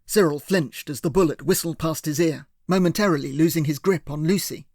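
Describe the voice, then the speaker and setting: Man, thriller audiobook narrator, voice a bit high, steady and clear, dry booth. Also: brisk, dry recording. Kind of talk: first-person thriller narration.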